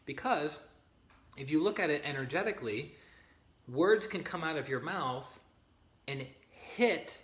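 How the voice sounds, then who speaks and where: A man's voice: on the high side, expressive, unhurried, pauses often, fairly bright tone. A man giving a live-streamed spiritual teaching, earnest and often checking in with his listeners. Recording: roomy echo.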